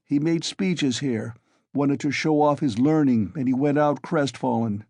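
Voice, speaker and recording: A man's voice: mid-range voice, unhurried, warm tone, dry recording, pitched above the performer's own voice. A man voicing a tipsy, blustering young male friend in an audiobook reading. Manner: blustering, roaring.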